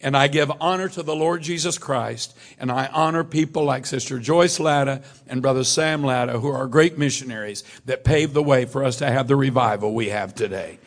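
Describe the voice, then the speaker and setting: A man's voice: mid-range voice, moderate pace, few pauses. A man and church missions official giving an earnest, fervent memorial tribute in a church cadence.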